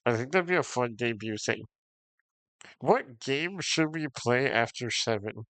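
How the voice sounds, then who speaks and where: A man talking to his stream chat in a loose, profane rant, audibly fed up but breaking into short laughs. His voice sits at an ordinary middle pitch. The sound is dry, with no room around it. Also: expressive, a little slow, fairly bright tone, no room sound. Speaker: game streamer. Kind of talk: casual ranting to stream chat.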